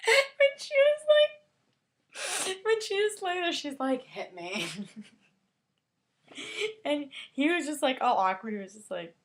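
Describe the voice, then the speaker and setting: A young woman giving a casual book and movie review, rambling excitedly with lots of fillers and side comments. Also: sits high, slow, pauses often.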